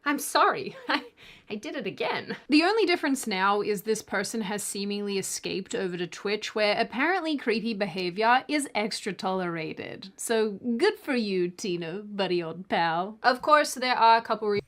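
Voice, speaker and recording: A woman at an ordinary middle pitch reads a scripted commentary video. She keeps a sarcastic edge and breaks off for jokey asides and mock apologies. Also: expressive, moderate pace, fairly bright tone.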